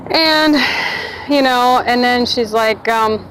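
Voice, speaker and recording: A woman's voice: a little high, slow pace, a bit bright, a little hiss or hum, low-quality recording. A woman, telling her own story in a casual, rambling vlog monologue and acting out the voices of people she quotes.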